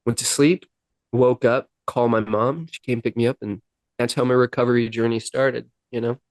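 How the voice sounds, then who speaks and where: With a medium-pitched voice, steady tone, and normal pace, this man is a musician guesting on a podcast. He sincerely walks through his recovery story in a seated interview, voicing the dialogue himself and nearly crying at times, and the recording has no echo.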